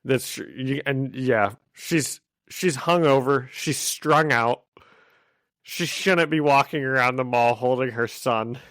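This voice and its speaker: Man, podcast co-host, laughs a lot, mid pitch, dry close mic. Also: a bit bright, no echo. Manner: laughs often, quick reactions. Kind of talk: casual comic book discussion.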